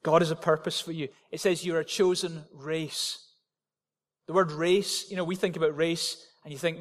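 A man preaches from the front of a church, hammering his points home in short, repeated declarations. His voice sits high for a man. The sound rings with the long reverb of a large hall. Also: level tone, normal speed. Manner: emphatic, repetitive declarations. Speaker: pastor. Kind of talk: sermon.

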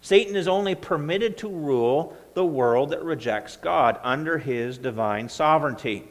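Male pastor, slightly high voice, chatty sermon delivery with frequent check-ins, recorded in a reverberant church hall. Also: expressive, moderate pace. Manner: conversational preaching, frequent "right?" and "okay?" checks.

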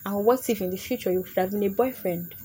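A woman's voice: medium pitch, fast talker, warm tone, slight background noise. A young adult woman hosting a casual comedic podcast, chatty and laughing often as she slips into put-on voices. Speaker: podcast host.

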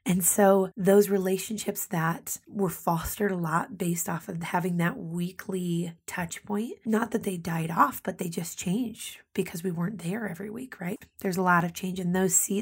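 Thirtyish woman giving a devotional talk, kinda husky with some fry, slips into whispers. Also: medium pitch. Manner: intimate, often drops to a whisper. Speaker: podcast host, church ministry leader.

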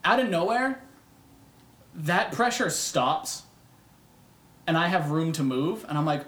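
A young man with a fairly high voice tells a rowdy, profane story on a podcast. He acts out every voice in it. The room is echoey. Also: expressive, takes it slowly, long pauses, fairly bright tone. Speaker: podcast co-host. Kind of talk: casual storytelling chat.

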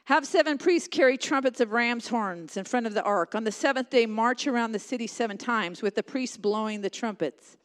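Woman, preacher, sermon, fairly high voice, impassioned, loud then hushed, repeats phrases. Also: normal speed, few pauses. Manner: impassioned, swinging from loud emphasis to hushed near-whispers.

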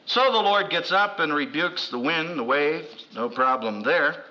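A seminary professor teaches from the Bible to an audience with wry humor, speaking at an unhurried pace over dull audio. He's an animated storyteller, acting out quotes with big jumps in pitch that make the teaching lively.

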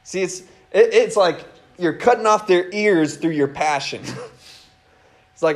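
A man preaching a casual, animated sermon, laughing and acting out the people he quotes. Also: high-pitched, unhurried.

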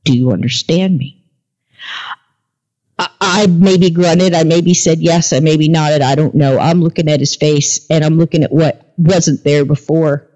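Woman telling a tense story, lo-fi. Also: low-pitched. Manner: animated storyteller, acting out dialogue. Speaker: podcast guest. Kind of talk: storytelling in a casual interview. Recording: dull lo-fi recording.

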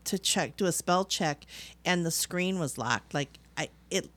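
A woman chatting casually, telling a story in an animated way with frequent laughter. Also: on the low side, measured pace. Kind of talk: casual chat.

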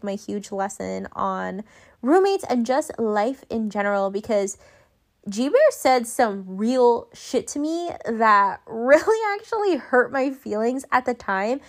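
A woman in her thirties hosting a podcast, telling a story in a chatty, animated way full of fillers. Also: fairly high pitch. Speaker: podcast host.

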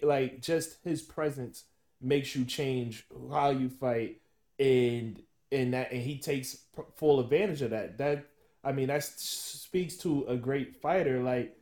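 A man hosting a sports podcast, asking long, halting questions with many restarts in casual chat. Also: medium pitch, darkish tone. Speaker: podcast host.

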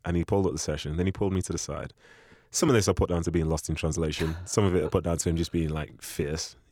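A young man with a deep voice, telling stories about his football days in a relaxed, chatty way on a podcast mic. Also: quick pace, no room sound, studio quality. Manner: relaxed anecdotal, often quoting with a low voice. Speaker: former footballer guest. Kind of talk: casual storytelling chat.

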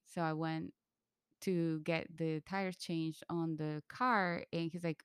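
A woman from Colombia telling a candid personal story in conversation, lively when she quotes others. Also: deep voice, slow, smooth, dry recording, clean studio sound.

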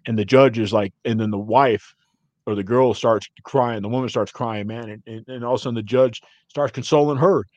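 A man's voice: fairly even intonation, brisk, no room sound, lo-fi sound. Rambling man ranting on a podcast. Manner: rambling, heavy filler words like "man" and "you know"; crude, gets loud and high-pitched when worked up. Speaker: podcast host. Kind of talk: casual ranting chat.

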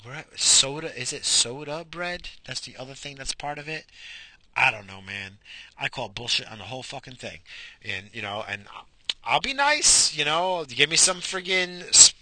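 Profane ranting man, bright voice. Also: mid-range voice, normal speed, dry recording. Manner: sarcastic, swearing, animated ranting. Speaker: vlogger. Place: pulled over in a car.

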